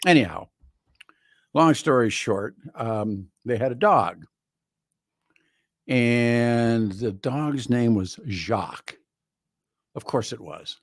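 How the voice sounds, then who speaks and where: A man's voice: medium pitch, lively intonation, slow, pauses often, no echo. A man hosting a talk radio show in a studio, delivering a rambling, wry monologue full of restarts. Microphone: studio microphone.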